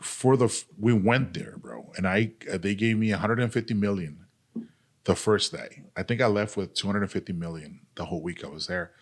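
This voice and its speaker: Deep-voiced man, blunt and profane. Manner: blunt and profane, heavy use of "like" and "dude"; earnest, speaks openly about pain and recovery. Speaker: podcast guest, army veteran. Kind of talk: casual candid storytelling.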